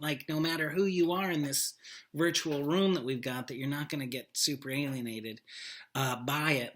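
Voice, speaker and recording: A man teaching by video from his living room, telling a rambling, animated story with lots of emphasis. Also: a little high. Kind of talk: casual storytelling lecture to camera.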